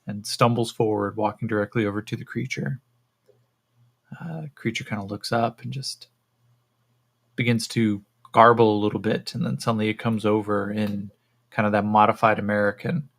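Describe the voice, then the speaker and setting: A man narrating a solo tabletop role-playing game as game master, in a relaxed, rambling way with many fillers. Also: on the low side, normal speed, vocal fry.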